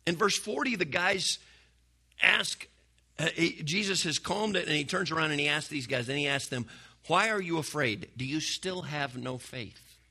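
Gravelly, bright-voiced preacher. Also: male voice, on the high side, moderate pace. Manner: folksy, conversational preaching with restarts and dropping to a hush. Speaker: pastor. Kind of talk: sermon.

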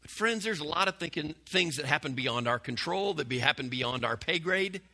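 A man preaching a folksy, conversational sermon. His voice is gravelly and husky, with a bright, forceful edge, and he often drops to a hush. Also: fairly high pitch, expressive, fairly quick. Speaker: pastor.

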